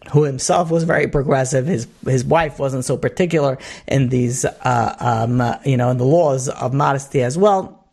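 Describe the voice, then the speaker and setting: A man's voice: a little high, a little mellow, slightly rough. A man, a rabbi, telling a story in a sermon, rambling with many asides and restarts.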